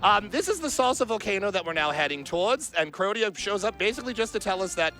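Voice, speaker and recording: High bouncy guy narrating his speedrun, joking around, lots of ups and downs. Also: very animated, fast, sharp tone. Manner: chatty, playful, self-deprecating. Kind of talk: live speedrun commentary. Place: marathon event stage.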